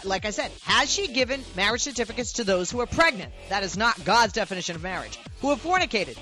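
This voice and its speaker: A woman's voice: mid-range voice, sharp tone. A woman from the Boston area with a Boston accent, hosting a talk radio show and delivering an indignant, sarcastic monologue full of rhetorical questions.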